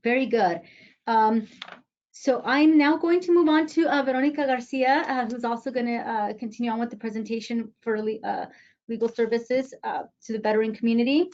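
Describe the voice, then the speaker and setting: A woman moderating an online webinar, speaking in a measured way and repeating words as she introduces speakers. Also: on the high side, darkish tone. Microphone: video call. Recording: muffled video-call audio.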